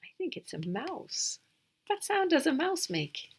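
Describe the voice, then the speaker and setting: This storytime host is a woman with a high voice that swings widely in pitch, speaking at a measured pace. She reads a picture book to children, mimics animal noises and puts questions to her young audience.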